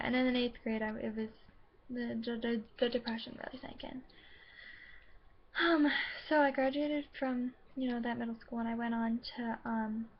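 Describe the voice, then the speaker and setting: A woman's voice: fairly high pitch, gravelly, dull audio, a little hiss or hum. A young woman in her late teens telling her own story to camera, candid and hesitant, with many filler words and restarts. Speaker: vlogger.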